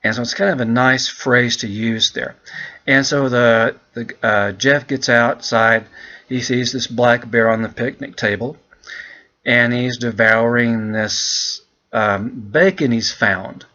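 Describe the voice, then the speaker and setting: A man teaching English, walking students through an essay in a relaxed, chatty way and calling them "guys". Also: mid-range voice, slow, dull audio. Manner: relaxed, chatty, keeps addressing the class as "guys".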